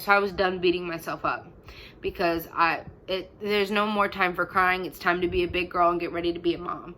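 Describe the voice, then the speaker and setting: A woman's voice: medium pitch, bright, forceful tone, a little hiss or hum, rough recording. A young woman telling a personal story in a chatty, casual way, full of fillers. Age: young adult. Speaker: vlogger.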